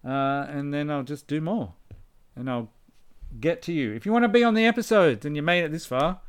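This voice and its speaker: A man hosts a relaxed podcast chat, wandering through his thoughts and restarting sentences. His voice sits a little high and sounds smooth and clean. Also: brisk. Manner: chatty, rambling, with restarts and laughter. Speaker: podcast host. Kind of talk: casual chat.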